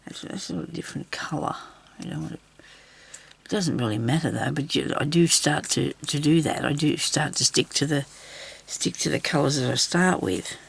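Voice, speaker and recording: A woman with an Australian accent hosts a craft video, giving a casual tutorial at her craft table. Her voice is low-pitched, creaky and husky at a normal speed. She rambles and mutters to herself as she works.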